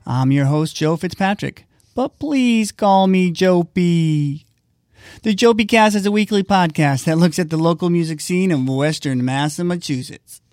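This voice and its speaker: A man's voice: fairly high pitch, normal speed, few pauses, a little mellow, no echo, studio quality. A man hosting a podcast, reading a friendly, upbeat scripted introduction. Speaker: podcast host.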